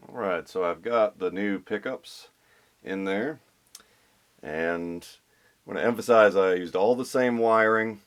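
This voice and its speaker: A man's voice: lowish voice, a little slow, clean tone. A man explaining a guitar pickup swap in a casual, thinking-aloud way with restarts and fillers. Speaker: guitar restorer.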